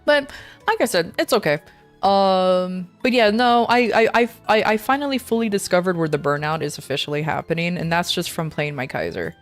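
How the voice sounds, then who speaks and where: A woman's voice: lowish voice, expressive, a little fast, faint music behind. A woman VTuber streamer chatting casually while gaming, rambling and ranting in an exasperated way.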